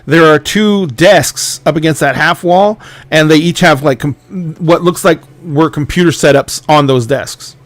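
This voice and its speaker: A man's voice: a little high, a little slow, few pauses, dry recording. Man narrating a tabletop game, dry close sound. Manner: describes scenes with fillers and restarts. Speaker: game master.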